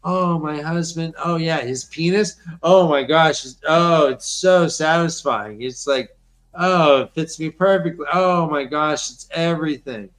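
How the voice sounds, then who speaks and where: A man's voice: fairly high pitch, a little slow, a bit bright. A captive noblewoman, as a man plays her, swooning and gushing in an over-the-top mock voice. The parody is spoken without much disguise. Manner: exaggerated gushing, breathy swooning.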